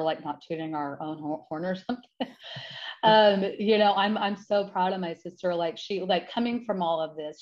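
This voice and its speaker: A young woman with a fairly low voice tells her own story with real feeling. She presses hard on key words and often starts her sentences over. The sound is dull and lo-fi. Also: darkish tone. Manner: earnest and emphatic, restarts often. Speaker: guest sharing her story. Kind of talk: emotional personal storytelling.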